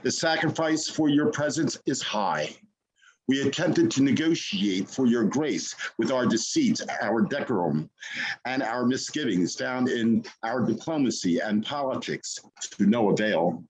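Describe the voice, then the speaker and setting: Husky man reciting earnest poetry. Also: mid-range voice, animated, poor audio. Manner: earnest, measured recitation after a hesitant spoken preface. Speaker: poet. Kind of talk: poetry reading. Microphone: video call.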